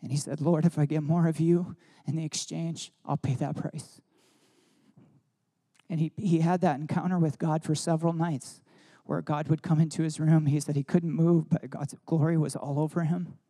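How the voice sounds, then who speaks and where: A man's voice: fairly high pitch, little pitch movement, moderate pace, warm tone. A man telling personal stories in a sermon, casual and rambling with many "like" fillers. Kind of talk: sermon storytelling.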